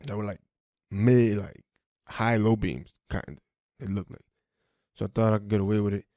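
A man's voice: on the low side, steady tone, moderate pace, mellow, dry recording, studio quality. A young man hosting a podcast, recounting a personal story in casual street slang, swearing freely and restarting his sentences often. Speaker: podcast host.

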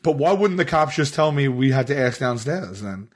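A man chatting on a casual podcast at a mid pitch. He stumbles and restarts as he tells his stories, sounding exasperated. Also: lively intonation, moderate pace. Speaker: podcast co-host. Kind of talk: casual chat.

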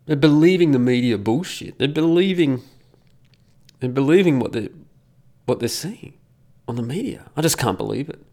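Man, middle-aged, gravelly, emphatic and indignant solo talk. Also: mid-range voice, lively intonation, normal speed, pauses often, dark tone. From Australia. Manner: indignant, emphatic, repeats words for effect. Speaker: commentator. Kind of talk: casual monologue reading comments.

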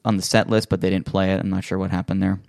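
A man with a somewhat low voice tells stories in a loose, conversational ramble, full of fillers and restarts. He slips into quick impressions of the people he is quoting. The recording is close and dry, with no room echo. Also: flat delivery, darkish tone. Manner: acts out quoted voices in his stories. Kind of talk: casual chat.

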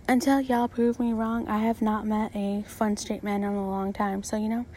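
A young woman rambles through a solo podcast, blunt and profane, with plenty of filler words. Her voice has a gravelly edge, and a faint hum of room noise sits behind it. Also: mid-range voice, dark tone. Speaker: podcast host. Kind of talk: casual solo podcast monologue.

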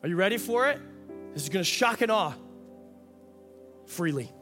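A man's voice: high voice, expressive, quick pace, music in the background. A man preaching a sermon as pastor, emphatic, with lots of repetition and acted-out quotes.

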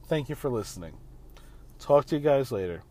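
Driving along, this male podcast host delivers a loose, ranting monologue that is blunt and full of profanity, with "man" cropping up again and again. His voice sits in the mid range, with a darkish tone, lively intonation, and a slightly fast pace.

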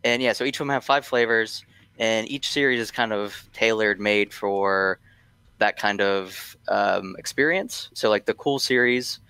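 A man's voice: on the low side, unhurried, sharp tone, smooth, no echo. A man guesting on a podcast, talking casually and hesitantly with many ums and restarts. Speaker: guest from a tobacco brand.

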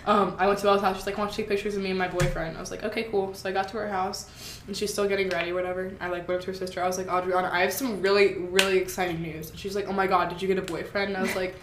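A woman's voice: medium pitch, flat delivery, racing. Giggly young woman in an echoey room. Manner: giggly, rambling, says "like" a lot. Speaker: podcast co-host. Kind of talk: casual chat. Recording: echoey room, faint noise.

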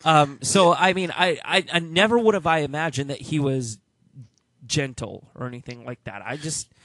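A man co-hosting a podcast, chatting in an easygoing, halting way about a book. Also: a little high, a bit bright. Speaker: podcast co-host. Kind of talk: casual book discussion with read-aloud passages.

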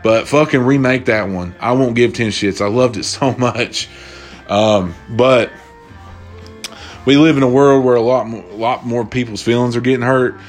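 A man's voice: mid-range voice, moderate pace, soft background music. A young man hosting a casual solo podcast, rambling and swearing freely as he retells stories. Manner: profane, rambling, loose storytelling. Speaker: podcast host.

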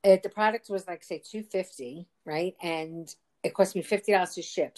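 A woman's voice: fairly low pitch, moderate pace. A woman in casual conversation, retelling a frustrating ordeal in a rambling, exasperated way, quoting what others said. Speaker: storyteller. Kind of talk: casual phone chat.

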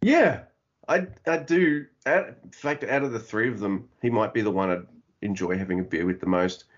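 A man's voice: on the low side, normal speed, lo-fi sound. A man co-hosting a podcast, chatting casually about films with wry jokes. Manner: wry, joking, mock accents. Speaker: podcast co-host. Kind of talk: casual film review chat.

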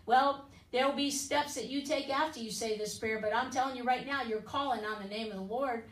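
A woman preacher in a fervent broadcast sermon with a high, bright-toned voice. She pleads with her listeners and leans on "listen" and "amen?". The sound is roomy and echoing, with her standing back from the microphone. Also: brisk, recorded from a distance. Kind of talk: broadcast sermon and altar call.

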